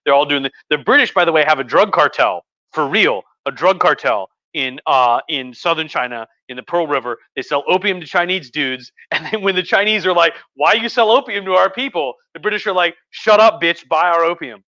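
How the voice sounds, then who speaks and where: A man's voice: fairly high pitch, expressive, fairly quick, few pauses, bright, forceful tone, no room sound, muffled recording. A man giving a tipsy, rambling history talk on a live stream. He swears a lot and slips into mocking voices. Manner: profane, rambling, with acted mock voices. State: drinking wine. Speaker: history lecturer. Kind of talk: tipsy casual history rant.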